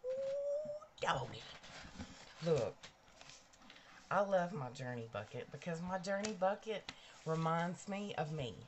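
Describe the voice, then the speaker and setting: A woman's voice: fairly low pitch, moderate pace, a little hiss or hum. A woman hosting a casual live stream from her bedroom, chatty and bubbly, greeting viewers by name. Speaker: livestream host. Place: bedroom at home.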